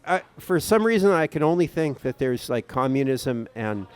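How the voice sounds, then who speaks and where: A man's voice: mid-range voice, sing-song, normal speed, clear, resonant tone. A man co-hosting a podcast, chatting casually over beers, rambling with many fillers and restarts. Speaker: podcast co-host.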